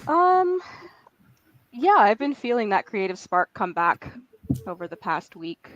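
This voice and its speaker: A woman's voice: medium pitch, big pitch swings, a little slow, fairly bright tone, no room sound, lo-fi sound. A woman from California, chatting casually on a video call while she has a cold, in a lightly self-mocking tone. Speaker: writing group co-host. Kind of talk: casual chat.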